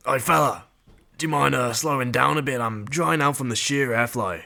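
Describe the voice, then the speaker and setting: A man voicing a brash, bossy male snail in an audiobook drama, blustering and quick to scold. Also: mid-range voice, vocal fry, bright, forceful tone. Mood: casual.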